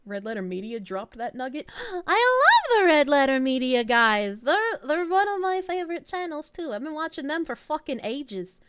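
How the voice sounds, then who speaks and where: A young woman from Boston with a Boston accent, chatting casually on a live stream, animated, swearing and laughing often as she reads chat. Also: sits high, moderate pace. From Boston, USA. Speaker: VTuber streamer.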